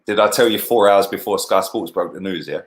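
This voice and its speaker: Animated slangy man, low voice. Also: brisk. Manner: animated, slangy, swears freely. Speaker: football podcast co-host. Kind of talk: casual football chat.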